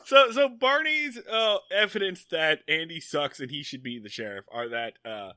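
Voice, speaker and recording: Male comedy podcast co-host, wry recapper, very bright tone, dry sound. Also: on the high side, expressive, moderate pace, dry recording. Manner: wry plot recaps with joking asides. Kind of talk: casual comedy podcast chat.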